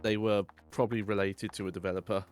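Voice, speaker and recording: Man, co-host, low voice, relaxed, chatty anecdotes, faint game music. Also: fast. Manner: relaxed, tells anecdotes with small laughs. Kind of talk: casual let's-play commentary.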